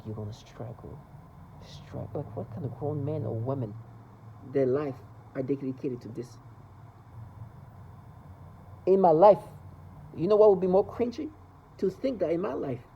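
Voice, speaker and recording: Agitated rambling man, mellow voice. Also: on the high side, lively intonation, moderate pace, pauses often, highs cut off, slight background noise. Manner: agitated, repetitive, stumbling restarts. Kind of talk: rambling monologue to camera.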